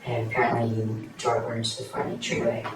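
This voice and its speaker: Halting man in an echoey room. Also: medium pitch, monotone. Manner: quiet, hesitant, halting with many fillers. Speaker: suspect recounting a crime. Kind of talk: recorded police interview. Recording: echoey distant room mic with noise.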